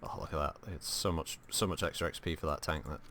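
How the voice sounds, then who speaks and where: A man's voice: extremely low pitch, fairly even intonation, fast, fairly bright tone, a little hiss or hum. A man giving live, joking gameplay commentary as a streamer, rambling, swearing and answering his chat. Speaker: gaming streamer.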